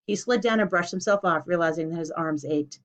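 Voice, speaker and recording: A woman reading a children's storybook aloud in a clear, steady way. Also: lowish voice, brisk. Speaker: narrator. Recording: dull lo-fi recording.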